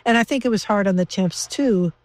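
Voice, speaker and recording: A woman's voice: medium pitch, brisk, no echo. An older woman, a former lab researcher, recalling her years with chimps in an earnest, emotional documentary interview.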